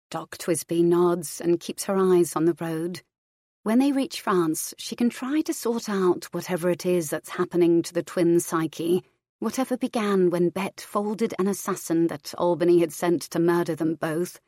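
A woman reading a novel aloud in a measured, even voice. Her tone sits low, and the recording is close and dry. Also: no room sound. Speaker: narrator. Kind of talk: audiobook fiction reading.

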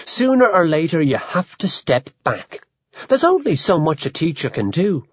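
A narrator reading a novel aloud as an audiobook, telling it in a measured, expressive way. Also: mid-range voice, breathy edge, dry recording, dull audio.

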